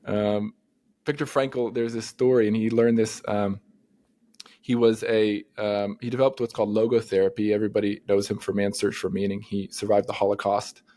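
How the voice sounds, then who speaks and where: A man, a therapist co-hosting a podcast, talking casually and telling earnest, animated stories. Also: fairly low pitch, normal speed, dry recording. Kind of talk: casual conversation.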